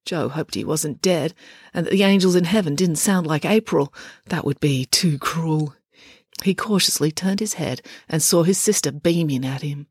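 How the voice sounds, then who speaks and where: A woman, narrating a children's audiobook in an expressive storytelling manner. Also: sits low, normal speed, husky, no echo, studio quality. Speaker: author and narrator.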